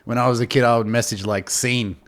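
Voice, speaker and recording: A man's voice: medium pitch, steady tone, a little fast. Guy, sweary, bro-heavy. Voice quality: swears a lot, says "bro" constantly. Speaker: podcast guest. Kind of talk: casual chat.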